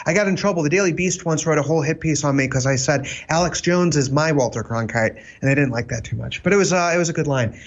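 As a guest commentator on a political talk show, a man speaks haltingly, full of fillers, with a wry edge. His voice is on the high side, and the audio sounds dull.

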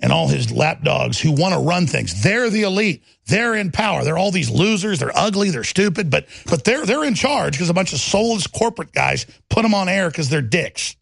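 Gravelly man ranting on air. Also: high voice, sing-song, moderate pace, few pauses, a bit bright, dry recording, studio quality. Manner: mocking, insulting, heated. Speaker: host. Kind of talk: angry political commentary.

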